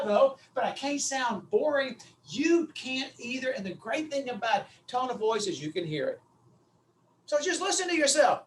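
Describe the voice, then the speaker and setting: A middle-aged man with a Southern US accent giving a folksy, animated webinar lecture, calling his audience his friends. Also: extremely high pitch, recorded from a distance, slight background noise, poor audio. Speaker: webinar speaker on vocal delivery.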